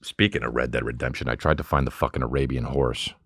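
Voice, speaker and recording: This podcast host also talks fast, but his voice rumbles low with a steady tone and a bit of brightness. He rambles through a profane comedic monologue that jumps from topic to topic, alone in a home room with a fan running, recorded in studio quality with no room sound.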